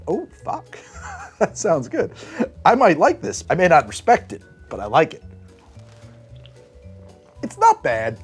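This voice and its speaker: A man hosting a casual drink tasting review, wry and deadpan with frequent laughs. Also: fairly high pitch. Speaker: host.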